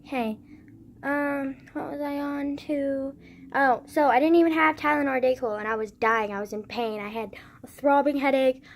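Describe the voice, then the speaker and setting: A woman's voice: high-pitched, steady tone, moderate pace. A teenage girl rambling casually while sick and congested, swearing often and filling with "like". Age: teens. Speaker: vlogger.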